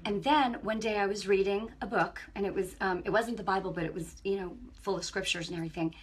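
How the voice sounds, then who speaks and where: A woman giving an impassioned spiritual testimony on her own broadcast, telling stories in an animated way that swings between hushed and loud. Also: mid-range voice, quick pace, husky. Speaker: online ministry broadcaster.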